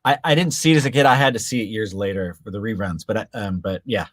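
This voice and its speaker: A man being interviewed as a guest musician, answering in a measured, dry, guarded way. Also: lowish voice, a bit bright, no echo. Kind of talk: casual interview chat.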